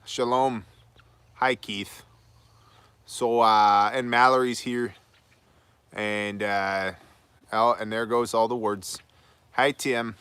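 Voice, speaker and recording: Joking host with a smooth voice. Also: male voice, fairly low pitch, steady tone, slow pace, pauses often, sharp tone, no room sound. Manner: joking, rambling, reads out viewer names and tips; playfully puts on a folksy northern Midwest accent. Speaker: live stream host. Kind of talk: casual live-stream chat.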